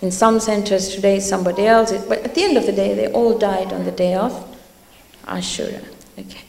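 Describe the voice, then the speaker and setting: A woman's voice: mid-range voice, steady tone, fairly quick, creaky, darkish tone, slight background noise. A woman giving an earnest religious talk, urging her listeners and telling stories. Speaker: religious lecturer. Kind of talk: religious talk to a youth audience. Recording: echoey hall with long reverb.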